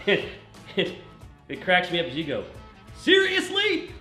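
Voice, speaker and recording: A man hosting a racing talk show, his voice a bit high and full of jokes and laughter. He sounds like he's in a roomy, echoing space, with music playing faintly underneath. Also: moderate pace, pushed and bright. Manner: joking, laughs often. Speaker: host. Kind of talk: casual chat.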